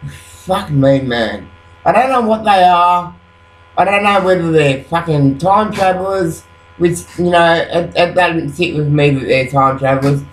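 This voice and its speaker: Agitated swearing guy, roomy echo. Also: fairly high pitch. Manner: rambling, profane, agitated, full of fillers. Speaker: vlogger. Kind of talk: rambling late-night monologue. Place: at home at night after waking up. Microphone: webcam.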